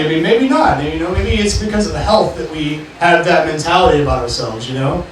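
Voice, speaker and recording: A young stand-up comedian from the Mississippi Gulf Coast, USA, runs through a casual, profane set packed with fillers in front of a live bar audience. His voice is high-pitched and brisk. The recording is echoey, distant and noisy, carrying room ambience and crowd noise.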